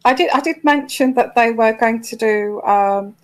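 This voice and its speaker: Hesitant woman hosting a live stream, higher voice. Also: normal speed, poor audio. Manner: hesitant, full of ums and restarts, indignant at trolls. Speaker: tarot card reader hosting her own live show. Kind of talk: live-stream chat to viewers.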